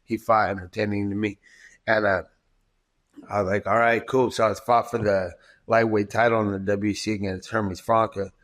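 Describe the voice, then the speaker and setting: A man's voice: fairly low pitch, flat delivery, normal speed, a bit bright. A man, a podcast guest and fighter, telling a long story in casual, profane talk. He acts out quoted dialogue and often restarts his sentences.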